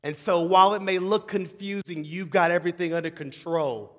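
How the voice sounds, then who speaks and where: A man preaching a sermon, moving between shouting excitement and hushed, tender tones and often calling the audience "y'all". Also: high-pitched, a little fast. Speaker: pastor. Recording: long hall reverb.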